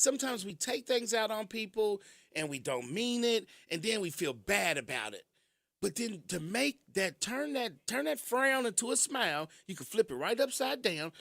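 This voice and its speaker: Radio host, male, high and very lively voice, laughs often, from Kentucky, dry studio sound. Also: creaky, no echo. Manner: animated storytelling, laughs often. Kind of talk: casual radio talk. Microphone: studio mic.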